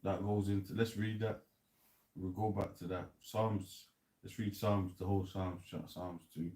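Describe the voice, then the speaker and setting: A man's voice: sits low, level tone, a little slow, darkish tone. A man hosting a loose, laughing chat about scripture, in casual street slang. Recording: roomy echo.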